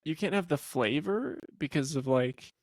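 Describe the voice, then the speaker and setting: A man's voice: a little high, lively intonation, normal speed, a little mellow, no room sound. Giggly playful podcast guy. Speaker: podcast co-host. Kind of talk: casual chat on a video call.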